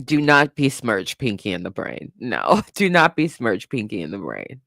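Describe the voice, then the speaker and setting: A woman's voice: extremely low pitch, moderate pace, creaky, no room sound, studio quality. A woman hosting a casual commentary stream, reading chat comments and laughing often as she reacts. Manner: laughing often, animated, lively. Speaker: host.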